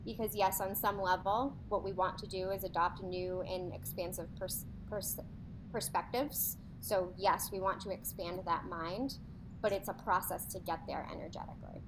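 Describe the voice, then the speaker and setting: A woman's voice: on the low side, steady tone, moderate pace, noisy background. A woman co-hosting a talk show, explaining healing in an earnest, casual way and quoting her own thoughts. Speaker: podcast co-host.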